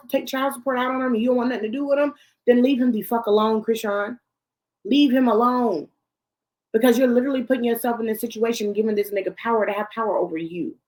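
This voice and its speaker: A woman's voice: fairly high pitch, darkish tone. A woman hosting a celebrity gossip show, ranting bluntly and profanely, talking straight to the people she discusses. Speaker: host.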